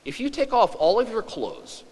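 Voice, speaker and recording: A man voicing a sharp-witted elderly woman, dry and knowing. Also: sits high, huge pitch swings, normal speed, big-room sound, pitched above the performer's own voice, exaggerated voice.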